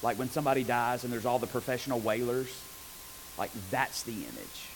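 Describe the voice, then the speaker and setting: A man preaching a conversational sermon on scripture, animated and often asking his listeners rhetorical questions. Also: mid-range voice, fairly quick, vocal fry, a little hiss or hum, poor audio.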